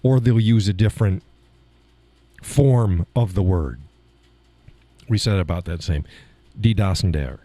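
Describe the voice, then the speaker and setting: Chuckling Texan cowboy host, mellow voice. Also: male voice, deep voice, unhurried, pauses often, dry recording. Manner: chuckling, drawling, trails off into mumbled asides. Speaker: live stream host. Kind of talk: casual chat reading viewer comments.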